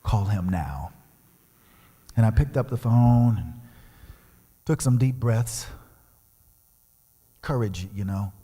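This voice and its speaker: A man's voice: medium pitch, takes it slowly, long pauses, warm tone. A male guest speaker and musician giving a storytelling sermon, dramatically acting out the voices in his story. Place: large church sanctuary. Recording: long reverb of a church hall.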